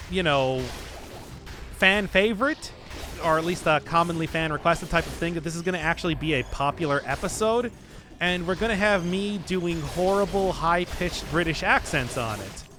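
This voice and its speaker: A man with a fairly high, sharp-toned voice streams a video game and chats casually. He rambles with self-mocking humor, often laughing at his own jokes.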